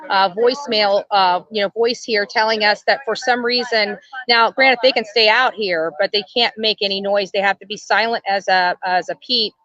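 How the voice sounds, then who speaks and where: A man's voice: high-pitched, steady tone, normal speed, bright, forceful tone. A man, livestreaming outdoors at a protest and rambling to viewers with many fillers. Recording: dull, muffled stream audio.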